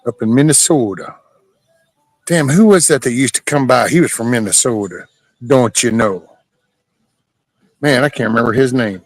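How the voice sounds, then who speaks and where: A man's voice: medium pitch, animated, fairly quick, dry recording. A man from Southeast Texas, chatting casually and joking with viewers while reading their comments on a livestream. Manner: laid-back, folksy and profane, joking with chat. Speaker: livestream host.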